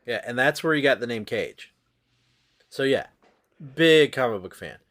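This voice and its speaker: A man's voice: mid-range voice, lively intonation, unhurried, a bit bright. A man hosting a casual movie podcast, chatting and sharing comic book trivia. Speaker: podcast host.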